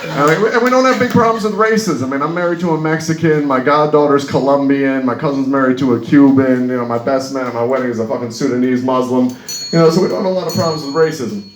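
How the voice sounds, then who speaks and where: Male stand-up comic, middle pitch, profane and deadpan, live club room with echo. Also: noisy background. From New Jersey. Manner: rapid, profane, deadpan storytelling with acted-out voices. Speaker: stand-up comedian. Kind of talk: stand-up comedy set. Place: comedy club stage in front of a live audience. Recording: roomy live club recording.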